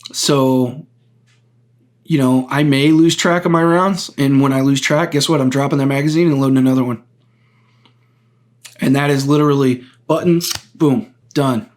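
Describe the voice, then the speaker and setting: On his own podcast, a man with a mid-range voice delivers solo political commentary. He goes about it earnestly and deliberately, regularly restarting phrases to explain each step.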